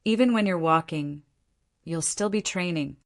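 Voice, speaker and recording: A playful, self-assured teenage boy from an audiobook, voiced by a woman narrator. He speaks in a light, teasing way, and the reading sits somewhat higher than the narrator's own voice. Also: normal speed, natural voice. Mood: calm.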